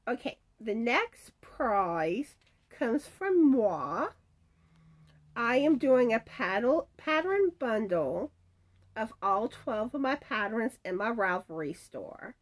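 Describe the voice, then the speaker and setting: A woman's voice: a little high, very animated, slow pace. Lady craft host, chatty, voice goes up and down a lot. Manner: chatty, reads comments aloud, stumbles over names. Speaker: crochet channel host announcing giveaway winners. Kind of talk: casual chat.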